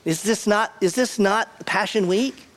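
A man giving a sermon in a chatty, conversational style, circling back on words for emphasis. His voice sits a little higher than most men's, and he keeps checking in with the congregation. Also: measured pace, a bit bright. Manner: conversational, repetitive, questions the congregation. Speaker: pastor.

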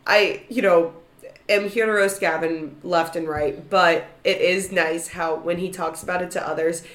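A woman's voice: on the low side, a little slow. Young woman ranting in an echoey room. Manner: animated storytelling, swearing. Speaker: podcast host. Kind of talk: casual comedic chat. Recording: roomy echo.

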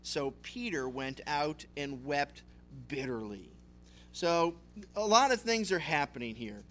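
A man's voice: a little high, expressive, a little slow, fairly bright tone. A male pastor giving a conversational sermon, retelling scripture with acted voices. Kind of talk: expository sermon.

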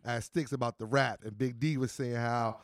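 A man hosting a podcast, telling stories in a casual, animated way, acting out what people said and swearing freely. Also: medium pitch, moderate pace. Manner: animated, acts out quoted voices, swears freely. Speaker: podcast host. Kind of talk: casual storytelling chat.

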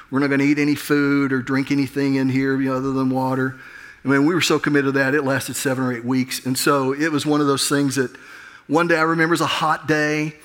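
The middle-aged pastor speaks in a mid-range, somewhat bright voice while delivering a sermon. He relates a personal story with easygoing self-deprecation and keeps restarting his phrases.

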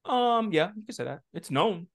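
A man on a podcast, telling stories in loose casual chat, animated and full of swearing. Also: high voice, normal speed. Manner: animated, profane storyteller.

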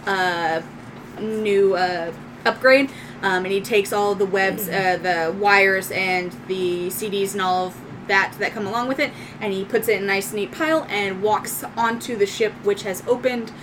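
A woman's voice: medium pitch, steady tone, a little slow, noisy background. A woman game master narrating a tabletop game in a loose, descriptive way with many fillers.

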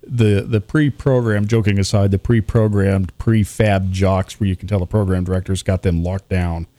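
A man in his 40s with a deep, warm voice speaks at a normal speed with fairly even intonation, and there's no room sound. He's a radio DJ guesting on a podcast, chatting casually, rambling, poking fun at himself and chuckling often.

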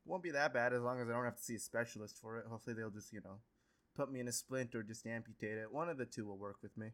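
A young man co-hosting a podcast in casual chat, easygoing and quick to laugh. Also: medium pitch, fairly bright tone. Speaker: podcast co-host.

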